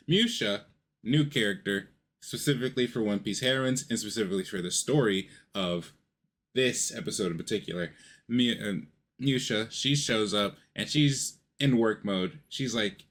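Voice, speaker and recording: A man with a fairly low voice recapping a show in a casual vlog. He rambles, restarts and fills gaps with "um" and "you know", and swears offhand. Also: moderate pace, fairly bright tone. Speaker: show reviewer.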